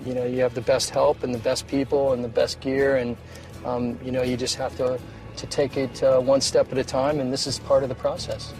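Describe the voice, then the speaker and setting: A man guiding and coaching a rider outdoors on a beach, talking in a relaxed, encouraging way with small restarts. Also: medium pitch, a little fast, faint music behind. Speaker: polar expedition guide. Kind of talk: casual coaching on location.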